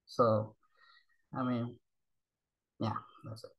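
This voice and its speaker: A man from Japan who speaks English with a Japanese accent as a second language. He rambles through casual reaction commentary, halting, repeating words and swearing often. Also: mid-range voice, flat delivery, vocal fry, dull audio. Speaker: YouTube reactor.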